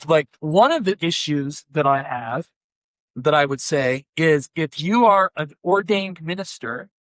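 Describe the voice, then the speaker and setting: A man's voice: fairly high pitch, a bit bright, no room sound. A man, a pastor, giving a conversational workshop talk, animatedly telling stories and acting out both sides of conversations. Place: conference room.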